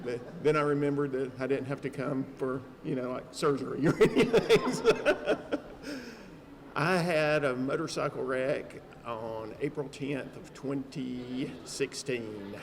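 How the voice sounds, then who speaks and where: A man's voice: medium pitch, measured pace. Man telling a story in a hall. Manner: humorous storytelling, chatty with fillers. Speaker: trauma survivor speaking at an event. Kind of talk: personal speech to an audience. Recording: long hall reverb, faint background noise.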